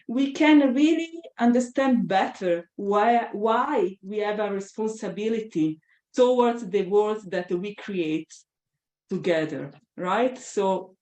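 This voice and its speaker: A woman delivers an academic lecture in a fairly high voice, thoughtful and deliberate. She leans on her key points for emphasis. The sound is roomy, with a clear echo around her. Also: darkish tone.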